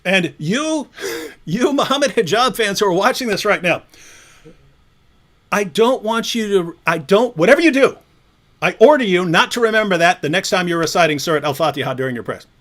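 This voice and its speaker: Brief: high-pitched man, livestream host, mocking, goading, laughing through his taunts. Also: animated, moderate pace, fairly bright tone. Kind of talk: provocative livestream chat.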